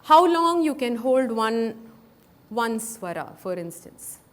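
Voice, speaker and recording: A woman with a Tamil Indian English accent, giving an animated conference talk on voice acting, explaining with examples. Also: a little high, takes it slowly. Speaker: voice artist giving a keynote talk. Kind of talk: conference speech with demonstrations. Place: conference hall stage.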